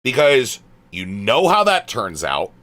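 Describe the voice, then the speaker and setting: A man's voice: medium pitch, wildly swooping pitch, takes it slowly, fairly bright tone. A male streamer reading out his chat and answering it, exasperated and swearing, trailing off into muttered asides.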